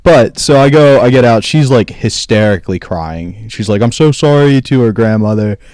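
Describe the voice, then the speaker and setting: A man's voice: lowish voice, moderate pace, a little mellow, no room sound. A man in casual podcast chat, telling a long rambling story and acting out what everyone said. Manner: rambling storyteller who acts out quoted dialogue.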